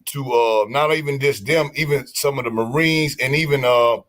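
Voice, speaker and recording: A man in casual stream chat, telling history stories in an animated, preachy way with many restarts. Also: mid-range voice, normal speed.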